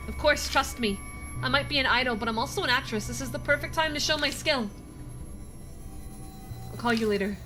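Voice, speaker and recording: A woman voicing a young female idol and actress in a visual novel, calm and reassuring while injured. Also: high voice, a little fast, pauses often, over music, natural voice.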